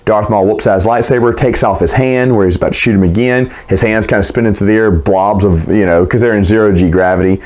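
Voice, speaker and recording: A man's voice: fairly low pitch, fast, hardly any pauses, darkish tone. A man casually retelling a novel's plot for a book review vlog, rambling and loose, with frequent restarts.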